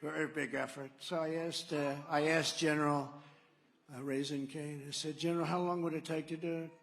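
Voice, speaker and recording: A man's voice: a little high, level tone, moderate pace, vocal fry, a bit bright. A man giving a rambling, sarcastic campaign rally speech, telling stories and acting out quotes. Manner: digressive, sarcastic, acts out quotes. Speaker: political candidate at a campaign rally. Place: large rally venue. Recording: echoey hall reverb.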